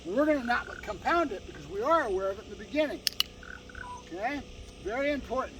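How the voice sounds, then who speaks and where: Explaining training to dog owners, a man with a remarkably high voice talks fairly quickly and forcefully, ending his points with "right?" He's recorded from a distance over a faint background hiss.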